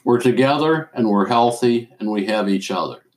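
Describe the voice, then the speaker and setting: A man reads the lines of an earnest young divinity student in a storybook. She speaks plainly and directly, with a little more pitch than the narration. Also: moderate pace, natural voice, poor audio.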